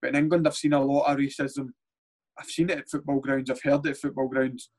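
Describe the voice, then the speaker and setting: A man's voice: medium pitch, level tone, brisk, darkish tone. A Scottish man, a former footballer, talking bluntly in a casual podcast chat, rambling and swearing freely. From Scotland.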